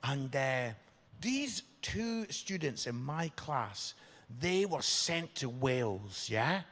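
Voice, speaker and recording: Jokey English preacher in an echoing hall. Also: male voice, mid-range voice, sing-song, slow, fairly bright tone. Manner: jokey, chatty, asks the congregation questions. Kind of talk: humorous sermon storytelling. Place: church hall. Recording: long reverb of a church hall.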